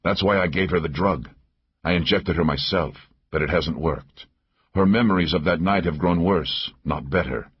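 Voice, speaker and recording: Narrator doing a desperate middle-aged father, deep husky voice, dull recording. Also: normal speed, no echo. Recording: dull lo-fi audio.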